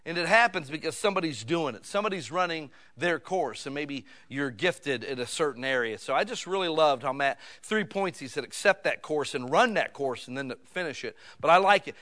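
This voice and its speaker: A male preacher delivering a sermon with bright, ringing energy. His pitch sits high and leaps around, and his homespun phrasing drops to hushed asides before climbing into loud, urgent exhortation. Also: animated, brisk, hardly any pauses.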